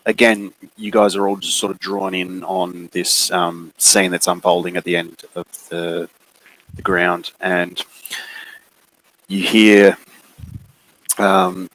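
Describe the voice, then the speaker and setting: A man runs a tabletop game as game master, at a slow, unhurried pace. He hesitates often and fills the gaps with "um", and his voice sounds close and dry. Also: low-pitched, flat delivery, a bit bright, no room sound, rough recording. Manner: unhurried, hesitant, with many fillers.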